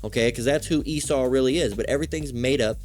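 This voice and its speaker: A man delivers a fervent religious lesson in a mid-range voice, full of profanity and repeated "all right?" check-ins. His talk runs loose and conversational, like a street preacher. Faint music plays softly behind him. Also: medium pitch, fast. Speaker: religious teacher.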